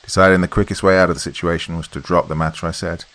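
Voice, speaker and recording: A man narrating a horror podcast story, reading his script at a measured, steady pace. His voice is low and deep throughout, unhurried and even. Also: poor audio.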